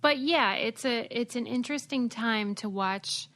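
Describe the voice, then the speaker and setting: A woman hosting a podcast, chatting casually and reading an ad in an even, conversational way. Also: fairly high pitch, unhurried. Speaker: podcast host. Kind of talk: casual chat with host-read ad.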